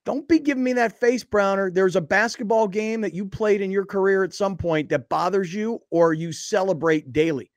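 Chatty sports radio host, dry studio. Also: male voice, high voice, normal speed, hardly any pauses, no echo. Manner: chatty, self-deprecating, emphatic storytelling. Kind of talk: casual sports talk radio. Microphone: studio microphone.

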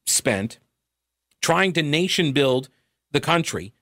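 Brief: male radio host with a higher voice, sarcastic opinion talk, dry close studio sound. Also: lively intonation, measured pace, sharp tone, no echo. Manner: sarcastic, wry laughs. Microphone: studio microphone.

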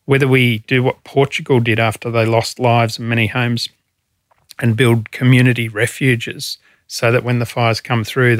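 A man's voice: medium pitch, fairly bright tone, no echo, studio quality. A middle-aged Australian man, a former fire commissioner, answering interview questions earnestly and with emotion, using frequent fillers.

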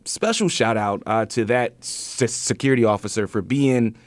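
A man's voice: mid-range voice, expressive, moderate pace, dry recording. A man hosting a news podcast, reading stories and then chatting about them with many fillers and restarts. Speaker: podcast host.

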